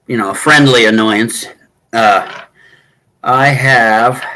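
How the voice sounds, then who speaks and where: A middle-aged man chatting casually with viewers from a hotel room, rambling and halting, often clearing his throat. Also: mid-range voice, pushed and bright, poor audio. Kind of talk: casual chat.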